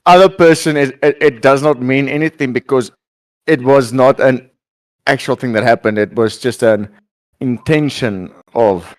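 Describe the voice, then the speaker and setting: A man's voice: medium pitch, moderate pace. Teasing man running a tabletop game. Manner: teasing, stumbling restarts. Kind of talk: casual chat over voice call.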